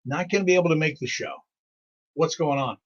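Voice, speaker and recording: A middle-aged man co-hosts a radio morning show, drifting through rambling anecdotes with frequent chuckles. His voice is slightly high and husky. The sound comes through as muffled, lo-fi stream audio. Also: a little fast. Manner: rambling storyteller, chuckles often. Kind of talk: casual on-air banter.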